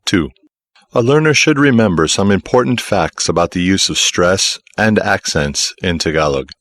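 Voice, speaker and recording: Man, deep voice, scripted lesson narration, measured, explanatory, dry. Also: animated, fairly bright tone, dry recording. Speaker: course narrator.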